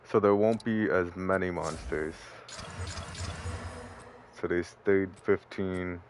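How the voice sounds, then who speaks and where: Man, very low voice, relaxed rambling game commentary, faint background hiss. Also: slow. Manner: laid-back, rambling, with fillers. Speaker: game streamer. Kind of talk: casual gameplay commentary.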